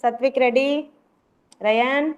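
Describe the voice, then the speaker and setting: Woman teacher, Indian English accent, high voice, encouraging drills, muffled video call. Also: steady tone, takes it slowly. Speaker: preschool teacher. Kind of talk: online class teaching. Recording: muffled online call audio.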